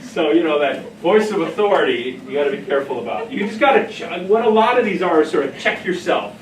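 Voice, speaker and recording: A man's voice: fairly high pitch, lively intonation, fast talker, slight background noise. Man giving a casual workshop talk. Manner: casual, anecdotal, laughs at own stories. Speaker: trainer. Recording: echoey room, heard from a distance.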